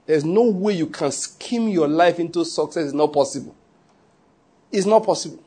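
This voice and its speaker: A man's voice: a little high, normal speed, dark tone, breathy edge. A man with a Nigerian accent, a pastor preaching a sermon in a joking, conversational way with pidgin asides.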